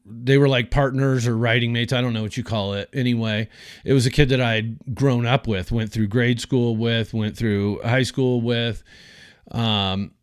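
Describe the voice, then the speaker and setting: Male podcast host, mid pitch, dry close sound, rambling and profane storyteller. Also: fairly even intonation, normal speed, clean tone, no room sound. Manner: rambling, profane, full of fillers. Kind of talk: casual storytelling.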